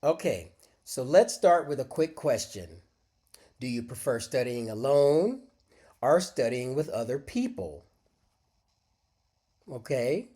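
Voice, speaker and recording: A man teaching a short English lesson, speaking deliberately and modeling phrases for learners to repeat. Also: medium pitch, sing-song, warm tone, slightly rough. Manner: slow, deliberate, encouraging, models phrases aloud for repetition. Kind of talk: scripted micro-lesson with screen demo.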